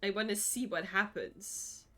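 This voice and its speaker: A woman's voice: mid-range voice, steady tone, unhurried, a bit bright. A young woman streaming a game live, emotional and giggly, reading the story text aloud. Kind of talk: live gameplay commentary.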